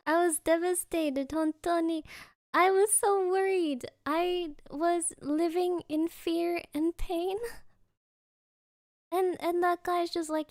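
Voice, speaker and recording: A young woman with a high voice chats unhurriedly from home, excitable and quick to laugh. She leans on fillers as she tells a story, and the sound is close and dry with no room around it. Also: dry recording. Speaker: streamer. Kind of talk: casual storytelling chat. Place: at home, creaky floor.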